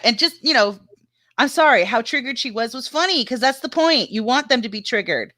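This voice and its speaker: A woman chatting on a live stream with a bright, forceful voice, breaking into laughter mid-sentence and swearing casually. Her voice sounds dry and close, with no room echo. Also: fairly high pitch, animated, fairly quick. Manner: laughs often while telling stories, swears freely. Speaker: panel co-host.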